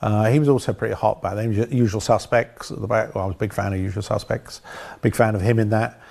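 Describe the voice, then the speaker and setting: Director guy, lowish voice, rambling funny stories in an interview. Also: steady tone, fast talker, creaky, a little mellow. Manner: rambling, anecdotal, dry humor. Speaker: film director. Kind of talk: interview anecdotes.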